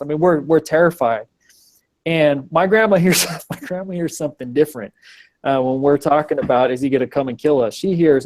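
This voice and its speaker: A man's voice: on the high side, brisk. Man telling a story on a video call. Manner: animated storyteller, frequent ums and restarts. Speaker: interview guest, author. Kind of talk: storytelling in a casual interview.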